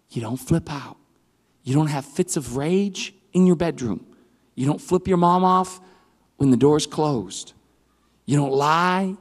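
Guy youth pastor preaching, high voice, big swings loud to quiet, long echo in the church hall. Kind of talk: youth sermon.

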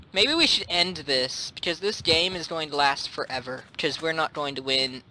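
Giggly, lively-voiced male gamer. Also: fairly high pitch, unhurried, a little hiss or hum. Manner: giggly and playful, frequent laughter. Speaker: gameplay commentator. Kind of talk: casual gaming chat.

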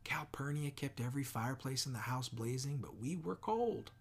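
A man reading a novel aloud as an audiobook, measured, often sinking to near whispers. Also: medium pitch, animated, slightly rough. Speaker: audiobook reader. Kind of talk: audiobook narration.

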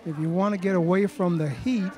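A man's voice: high-pitched, fairly even intonation, fairly quick, a crowd in the background. A man hosting a roving interview at an outdoor festival, jovial and chatty with playful asides. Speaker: host interviewing visitors. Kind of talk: roving interview at a community event.

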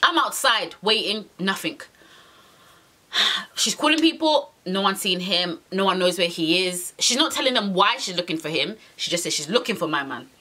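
A young woman telling a storytime to camera in an animated, exasperated way, repeating her phrases and using slang. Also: mid-range voice, moderate pace, a little hiss or hum. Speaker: vlogger. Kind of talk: storytime monologue.

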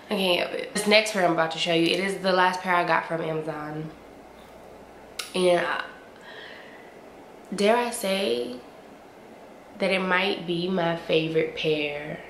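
A woman's voice: fairly low pitch, a bit bright. A woman, gushing playfully to camera in a casual haul review, a bit sniffly from allergies. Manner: gushing, playful, drawn-out hums and slangy asides. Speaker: beauty and fashion vlogger. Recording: roomy echo with faint ambient noise.

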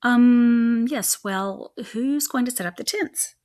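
A woman's voice: a little high, slow, a little mellow, pitched above the performer's own voice. A woman voicing a nervous, fussy male mouse in a storybook reading, with a stammering, whiny manner. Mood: fretful.

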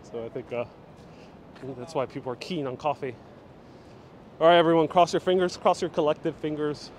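A man leads a live walking tour in a fairly high voice, chatty and joking as he answers the live chat. He talks into a phone on a gimbal. Faint city noise and passing traffic sit behind him. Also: steady tone, brisk. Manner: jokey, chatty, reacting to viewer comments. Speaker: host. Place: outdoors and in a busy city station. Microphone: handheld phone on gimbal.

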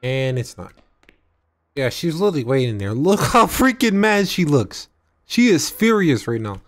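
A young man playing a horror game and commenting, jumpy and excitable, yelling when startled. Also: on the high side, normal speed. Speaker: gaming channel host.

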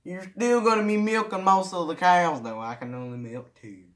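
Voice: medium pitch, normal speed, close to an everyday voice. A performer voicing a folksy country son from a cow farm, with a hick drawl. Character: country farm son who milks cows. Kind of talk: comic character video greeting.

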